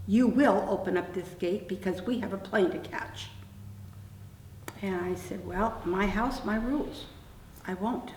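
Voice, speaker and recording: An older woman, a guest in an oral-history interview, telling a story in a blunt, wry way with lots of quoted back-and-forth. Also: mid-range voice. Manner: animated anecdote with quoted dialogue, blunt and wry. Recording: roomy echo, distant mic, faint room hum.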